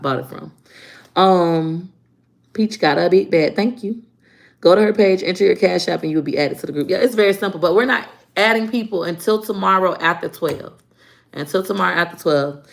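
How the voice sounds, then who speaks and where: A woman's voice: fairly low pitch, vocal fry. A woman in her thirties from Florida, hosting a livestream, chatting frankly and laughing as she tells stories about her life. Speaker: livestream host. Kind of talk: casual storytelling chat.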